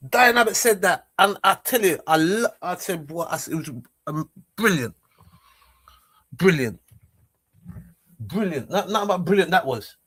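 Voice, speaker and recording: Brief: man, livestream host, high voice, rambling casual talk full of restarts. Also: animated, normal speed, pauses often, bright, forceful tone, husky. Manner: rambling, many restarts and repeated phrases.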